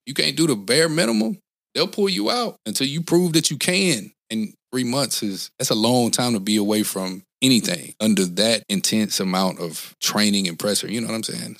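A man's voice: mid-range voice, fairly bright tone, dry recording. A man in his forties, a former Marine, talking earnestly in an interview, rambling with frequent restarts. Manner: earnest, rambling, frequent restarts and "you know what I'm saying". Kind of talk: casual interview talk.

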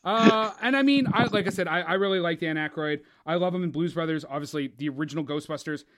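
A man co-hosts a casual movie podcast, talking fast in a slightly bright voice on the high side. He rambles, swears a lot, and often stumbles and restarts his sentences.

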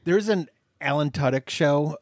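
A man's voice: on the high side, unhurried, no room sound, clean studio sound. A man co-hosting a casual movie review chat, playful and laughing often. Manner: playful, laughs often, jokey mock-British voices. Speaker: podcast co-host.

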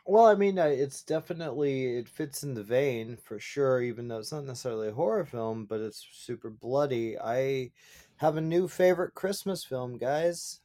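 A man co-hosting a casual podcast, talking with excitement and repeating himself for emphasis. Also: mid-range voice. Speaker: podcast co-host. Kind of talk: casual chat.

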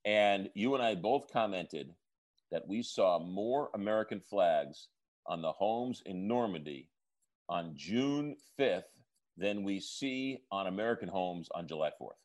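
A man co-hosting a podcast in casual, earnest chat. His voice sits somewhat low, and he pokes fun at himself as he talks. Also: expressive, unhurried. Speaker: podcast co-host.

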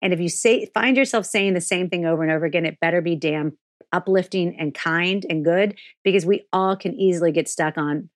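A frank woman guest in a candid podcast interview, lower-pitched than most women and speaking in an animated way that is quick to swear. The sound is dry, with no room echo.

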